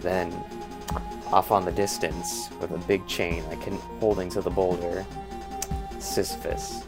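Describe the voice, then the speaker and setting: A man's voice: deep voice, flat delivery, measured pace, loud music behind the voice. A man co-hosting a podcast, telling an improvised story in a rambling, loose, profane way. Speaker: podcast co-host.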